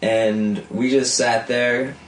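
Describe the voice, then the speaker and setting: A man slowly recounting a story in casual podcast chat. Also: mid-range voice, steady tone. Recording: roomy, distant mic with faint noise.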